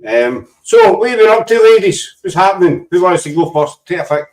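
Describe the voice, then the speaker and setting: This Scottish host of an informal live panel has a high, expressive voice and talks a bit quickly, full of rambling jokes and teasing aimed at his guests. He sounds distant from the mic.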